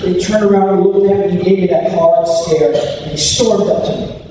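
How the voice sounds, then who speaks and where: A man's voice: sits high, fairly even intonation, moderate pace, background noise. A man giving an anti-bullying talk at a school assembly, telling a personal story and acting out the quotes. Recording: echoey hall recorded from far off.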